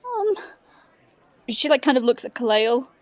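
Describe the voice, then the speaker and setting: High, lively woman tabletop player. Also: a little slow, no room sound. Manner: chatty, hesitant, full of "like". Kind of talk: casual tabletop role-play.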